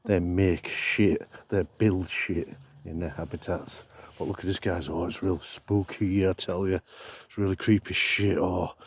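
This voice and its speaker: Man, deep voice, slow and husky, deadpan fake-scared vlog, outdoors in woods. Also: dry recording. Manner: deadpan, mock-frightened, sweary. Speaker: vlogger. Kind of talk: mock-spooky comedic walk-through vlog. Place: outdoors in woodland.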